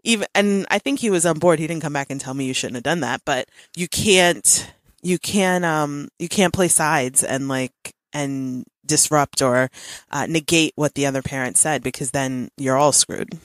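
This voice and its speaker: Lively storytelling woman in her thirties. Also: low-pitched, normal speed, no echo. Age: 30s. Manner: animated storytelling with frequent laughs. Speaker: podcast host. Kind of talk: casual chat.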